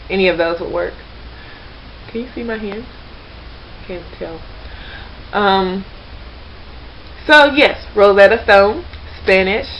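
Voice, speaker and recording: A woman's voice: mid-range voice, a little hiss or hum. Chatty woman rambling to a webcam. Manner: chatty and rambling, many fillers and restarts. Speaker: language learner vlogger. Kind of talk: casual chat to camera. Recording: slightly dull lo-fi webcam recording.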